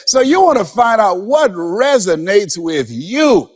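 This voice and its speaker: A man delivers a motivational seminar speech in a fairly high, lively voice that swings widely in pitch. He preaches emphatically and acts out the voices of others. His voice rings through a large hall with a long reverb tail. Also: normal speed, few pauses, husky, lo-fi sound. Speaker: motivational speaker.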